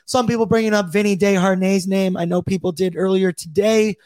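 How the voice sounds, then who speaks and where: Upbeat high-voiced male hockey podcast host. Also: steady tone, fairly quick, darkish tone, no room sound. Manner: upbeat, reads chat comments aloud. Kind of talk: casual sports talk show.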